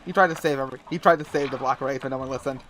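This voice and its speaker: A man's voice: medium pitch, rapid-fire, fairly bright tone, soft background music. A man streaming a game, chatting casually and joking, acting out quoted voices. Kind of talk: casual chat over gameplay.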